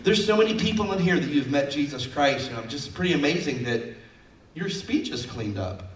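A man's voice: a little high, lively intonation, fairly quick, roomy sound, distant mic. A man preaching a sermon as pastor, folksy and conversational, acting out quotes from his stories.

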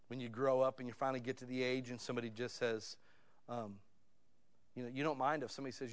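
Male pastor in his 50s, sermon, folksy storyteller, mid-pitched voice, goes from quiet to loud. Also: fast talker. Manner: storytelling, swings from hushed to loud and excited; conversational, addresses listeners as "guys".

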